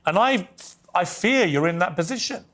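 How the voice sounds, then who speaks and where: A man's voice: high voice, lively intonation, normal speed, a bit bright. A man interviewing a guest, pressing him with pointed, confrontational questions.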